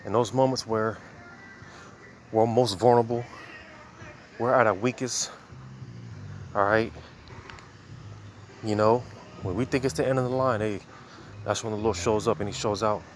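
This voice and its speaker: A man's voice: fairly low pitch, steady tone, measured pace, long pauses, slight background noise. A man giving a casual, conversational sermon, reading scripture and talking it over with many "man" and "you know" asides. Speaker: religious teacher.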